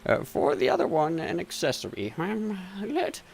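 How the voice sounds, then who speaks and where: Man putting on a fussy old shopkeeper, hard of hearing, high dithering voice, gravelly edge. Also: huge pitch swings, moderate pace, a little mellow, full character voice. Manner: dithering, stammering, high-pitched muttering.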